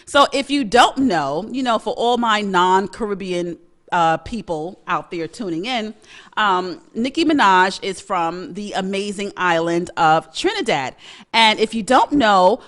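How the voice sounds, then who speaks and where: A woman's voice: medium pitch, a bit bright. A young woman from Brooklyn hosting a casual talk show, chatty and opinionated, laughing often and slipping into a Caribbean lilt now and then. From Brooklyn, New York. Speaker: host.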